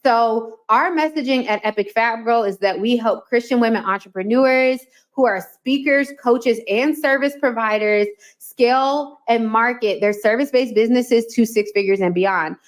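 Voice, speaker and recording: A woman hosting a solo business coaching podcast, talking in a chatty, animated way and acting out little quotes. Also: fairly high pitch, normal speed. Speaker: podcast host.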